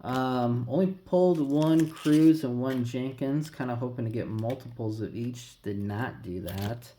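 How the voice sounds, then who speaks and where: A man's voice: mid-range voice, unhurried, dark tone, a little hiss or hum. A man casually talking through a pack opening, rambling and calling out names as he flips through cards. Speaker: card collector vlogger.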